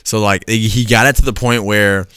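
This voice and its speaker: A young man in casual chat, telling a story with lively acted-out quotes and frequent laughter. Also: fairly low pitch, moderate pace, smooth, no echo, clean studio sound. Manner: animated storytelling, acts out quotes, laughs often.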